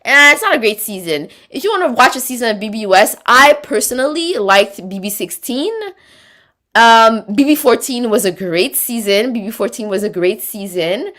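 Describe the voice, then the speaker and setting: A woman's voice: fairly high pitch, animated, moderate pace, fairly bright tone. A woman with a Quebec French accent, hosting a casual livestream, chatting, rambling and reading viewer comments aloud. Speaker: livestream host reading chat.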